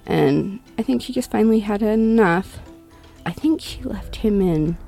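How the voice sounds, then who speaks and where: A middle-aged woman recounting a family tragedy in an interview, halting and restarting, lifting her voice when she quotes others. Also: mid-range voice, expressive, warm tone, faint music behind. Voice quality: gravelly. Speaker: interview guest, bereaved mother. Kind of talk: personal account in conversation.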